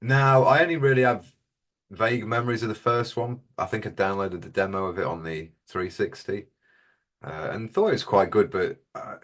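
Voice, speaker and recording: Deep-voiced deadpan man. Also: moderate pace. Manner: dry, deadpan, mock-superior. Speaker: podcast co-host. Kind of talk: casual gaming chat with comic bits.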